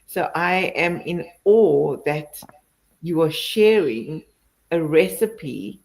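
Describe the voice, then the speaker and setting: Slow, low-voiced female host. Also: animated, creaky, darkish tone, low-quality recording. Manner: reflective, affirming. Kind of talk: conversational interview.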